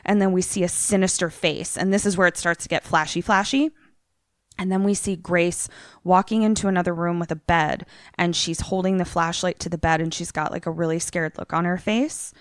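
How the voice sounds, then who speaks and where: A woman's voice: lowish voice, steady tone, brisk, no echo, studio quality. A young woman co-hosting a podcast, casually retelling a movie trailer with many fillers. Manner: chatty, filler-heavy, lots of "like". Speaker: podcast co-host.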